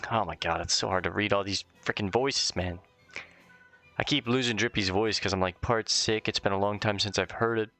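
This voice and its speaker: A man's voice: lowish voice, moderate pace, sharp tone, faint music behind. A man giving let's play commentary in an offhand, swearing, frustrated way. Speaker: gamer.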